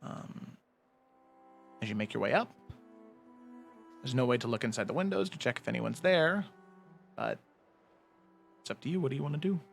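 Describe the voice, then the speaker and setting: Gravelly man narrating as game master. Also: mid-range voice, moderate pace, long pauses, faint music behind. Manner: relaxed, full of fillers.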